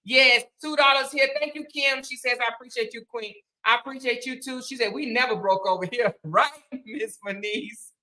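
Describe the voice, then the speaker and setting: A woman's voice: on the high side, brisk, hardly any pauses, pushed and bright, low-quality recording. A woman hosting a casual livestream, chatting and thanking viewers as she reads their comments. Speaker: livestream host.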